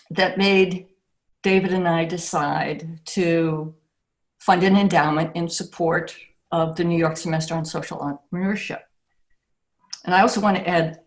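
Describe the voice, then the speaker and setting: Older woman giving a reflective acceptance speech. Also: lowish voice. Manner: warm, reflective, with frequent pauses and restarts. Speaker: award recipient. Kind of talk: acceptance speech on a video call.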